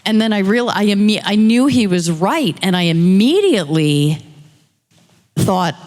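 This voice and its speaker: A woman in the audience animatedly telling a personal story, quick and lively, jumping high when she quotes herself. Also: long reverb tail. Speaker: audience member sharing a story.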